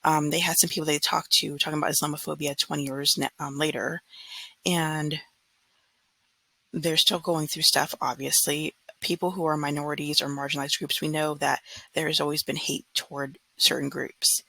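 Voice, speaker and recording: Gravelly, bright-voiced woman in her thirties. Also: deep voice, little pitch movement, normal speed, no room sound, poor audio. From California. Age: 30s. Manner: earnest, frank, mimics others in mocking quotes. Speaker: vlogger. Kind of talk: casual opinion vlog monologue.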